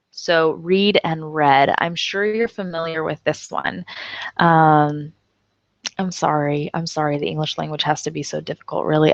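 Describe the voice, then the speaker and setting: A woman teaching an English class in a casual, chatty way, laughing often and reading example sentences out slowly. She is tired and her jaw is numb. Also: low-pitched, dry recording, lo-fi sound. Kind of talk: casual online English lesson.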